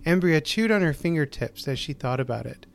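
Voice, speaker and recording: Measured male short-story narrator. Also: a little high, lively intonation, creaky. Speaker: host and narrator.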